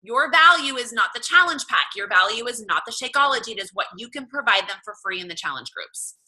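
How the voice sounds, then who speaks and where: A woman's voice: a little high, expressive, a little fast, sharp tone, low-quality recording. A woman in her thirties with a Southern US accent, chatting casually and gushing as she coaches her fitness team. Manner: gushing, chatty, lots of "oh my gosh" and "like".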